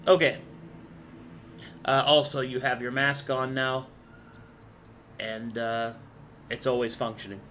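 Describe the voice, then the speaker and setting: A man's voice: medium pitch, little pitch movement, takes it slowly, long pauses, a bit bright, soft background music. A man running an online tabletop game as game master, talking casually, thinking aloud with fillers and the odd swear.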